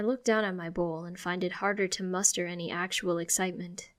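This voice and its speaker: A woman narrating a first-person audiobook in an expressive, conversational way. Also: on the low side, brisk.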